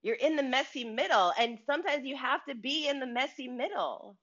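A woman's voice: high-pitched, a little fast, a bit bright. Chatty motivational woman, lo-fi sound. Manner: chatty, repeats words and asks the listener "right?". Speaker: speaker on a business show. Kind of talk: motivational talk.

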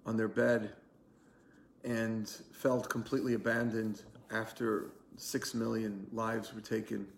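A man's voice: lowish voice, creaky, echoey room, a little hiss or hum. A man, a rabbi, giving a conversational online Torah class, telling a story with earnest energy and many fillers. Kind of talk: online lunch-and-learn class.

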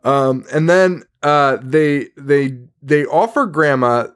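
A man's voice: on the high side, expressive, slow, fairly bright tone, clean tone. A man co-hosting a podcast in casual chat, sarcastic and swearing freely, often laughing. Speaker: podcast co-host.

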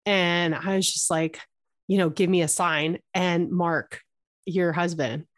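A woman's voice: on the low side, steady tone, takes it slowly, dry recording, studio quality. A woman co-hosting a podcast, chatting casually and telling candid personal stories with laughter. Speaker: podcast co-host. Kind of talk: casual chat.

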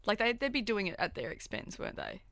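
A woman's voice: medium pitch, big pitch swings, fast, a bit bright. A woman co-hosting a podcast, asking curious, probing questions. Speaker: podcast co-host. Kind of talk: casual banter.

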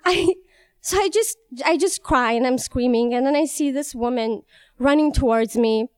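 High, clear-voiced young woman telling a story. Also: moderate pace, no room sound. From Iran. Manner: vivid, animated, laughs through her story. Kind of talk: first-person storytelling.

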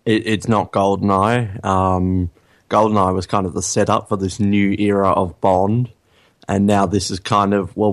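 Low-voiced man giving a film opinion. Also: dry recording. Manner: measured, thinks aloud with frequent ums. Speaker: podcast co-host. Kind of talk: casual film-review chat.

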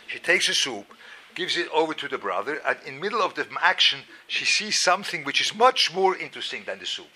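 A middle-aged man from Switzerland, giving an animated, self-mocking storytelling lecture at a Torah class, repeating words and breaking into sudden loud outbursts. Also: medium pitch, a little hiss or hum.

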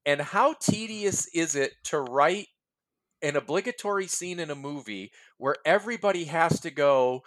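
Male host, chatty and animated, slightly higher voice, laughs a lot. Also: normal speed. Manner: animated, laughs often while telling stories. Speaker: podcast host. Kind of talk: casual chat.

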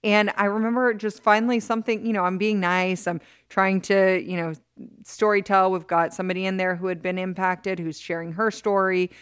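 A woman as an interview guest, telling a story in an animated way with many restarts and bursts of laughter. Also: mid-range voice, a little fast, clean tone, dry recording, clean studio sound. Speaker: interview guest, criminal justice advocate.

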